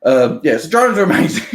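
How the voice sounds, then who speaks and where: A man giving a casual spoiler review of a book, chatty and rambling, laughing often and restarting his sentences. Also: medium pitch. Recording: roomy echo.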